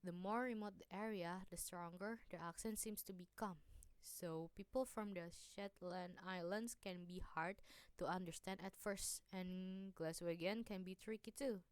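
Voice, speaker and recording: A woman's voice: fairly low pitch, fairly even intonation, moderate pace, clear, resonant tone, dry recording. A young woman whose first language is Indonesian gives a class presentation, hesitant, with many fillers and restarts. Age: young adult. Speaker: student presenter.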